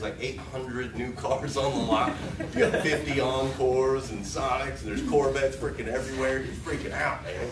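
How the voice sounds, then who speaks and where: A man's voice: medium pitch, recorded from a distance. Car lot manager guy hyping up his sales team, jokey and brash, echoey showroom with lots of room noise. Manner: brash, joking, motivational. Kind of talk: morning sales meeting pep talk. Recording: roomy, off-mic with room noise.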